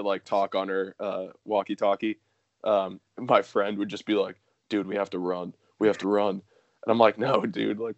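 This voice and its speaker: Young guy rambling thru a story, lotsa swearing and fillers, lowish voice, kinda muffled dry sound. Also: gravelly, dry recording. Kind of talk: casual storytelling.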